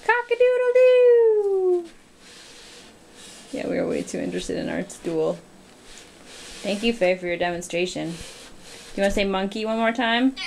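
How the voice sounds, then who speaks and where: A woman talking to a toddler in a home video, asking slow, sing-song questions to coax words out of the child. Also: on the low side, big pitch swings, creaky, a little hiss or hum. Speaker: parent coaxing a toddler to talk. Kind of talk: home video baby talk.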